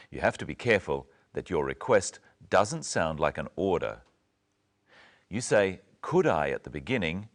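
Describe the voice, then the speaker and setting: Deep-voiced man teaching clearly. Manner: slow, clear teaching delivery. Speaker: presenter. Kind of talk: scripted language-lesson narration.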